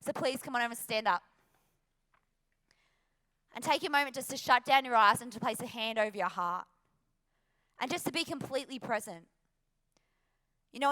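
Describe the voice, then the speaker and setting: Australian woman motivational speaker, emphatic and earnest, high-pitched. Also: normal speed, pauses often, fairly bright tone. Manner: earnest, emphatic, rhetorical questions. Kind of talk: motivational talk.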